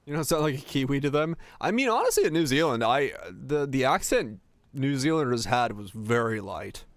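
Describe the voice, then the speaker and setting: A young man chats loosely with viewers on a game stream. His voice sits at an ordinary middle pitch, and he rambles through restarts and fillers. The sound is dry and close, with no room in it. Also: sing-song, moderate pace, no echo. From Finland. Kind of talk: casual chat while streaming, answering chat.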